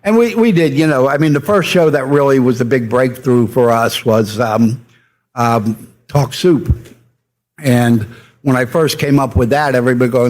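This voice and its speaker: Older male guest storyteller, mid-pitched, animated anecdotes with voiced-out quotes. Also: normal speed. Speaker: media entrepreneur guest. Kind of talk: fireside chat storytelling. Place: stage before a live audience.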